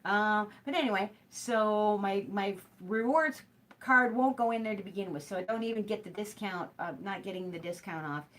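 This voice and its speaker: A woman's voice: medium pitch, moderate pace, fairly bright tone. Chatty woman host telling a rambling story. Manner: rambling storytelling with many fillers. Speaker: host of a hooping show. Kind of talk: casual chat to a live stream.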